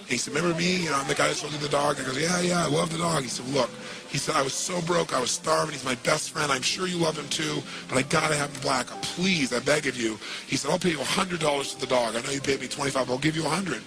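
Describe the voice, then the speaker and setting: A man speaking as a motivational speaker, telling a story in an animated way and throwing rhetorical questions at his audience. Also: fairly high pitch, quick pace, vocal fry. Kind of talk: storytelling talk. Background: music.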